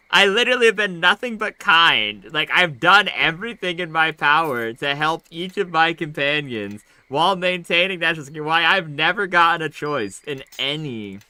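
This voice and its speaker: A man's voice: fairly high pitch, bright, forceful tone, smooth, no echo. A man casually commenting on his gameplay, slangy and chatty, ranting as he retells arguments. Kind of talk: casual let's-play commentary.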